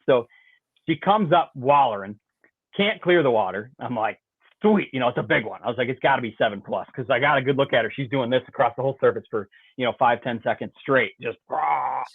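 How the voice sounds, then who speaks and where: A man's voice: mid-range voice, brisk, breathy edge, no room sound. Male angler guest on a tinny line. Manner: rambling, fills with "like" and "you know", mimics sounds. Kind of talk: animated storytelling. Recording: tinny dry phone-like line.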